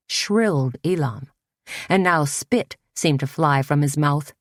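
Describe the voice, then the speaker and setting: A woman narrating a novel in measured, even storytelling. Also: low-pitched, no echo. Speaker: audiobook narrator. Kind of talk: scripted narration.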